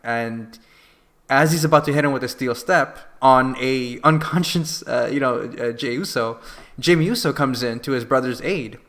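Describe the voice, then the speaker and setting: A man co-hosting a podcast, retelling a wrestling event in an animated, casual way full of fillers. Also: mid-range voice, moderate pace. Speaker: podcast co-host. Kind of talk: casual wrestling review chat.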